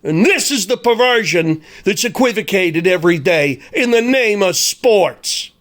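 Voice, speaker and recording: A man's voice: high-pitched, lively intonation, measured pace, fairly bright tone. A man delivering an angry, sarcastic, profane sports commentary rant.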